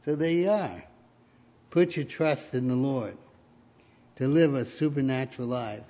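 A man's voice: mid-range voice, unhurried, dark tone. A man preaching a sermon, telling stories and rising to emphatic peaks. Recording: dull lo-fi recording.

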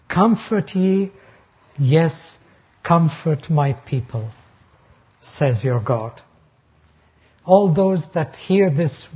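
Husky male preacher expounding scripture. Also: fairly high pitch. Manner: deliberate, reads verses slowly then explains. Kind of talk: expository sermon on scripture. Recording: dull lo-fi recording.

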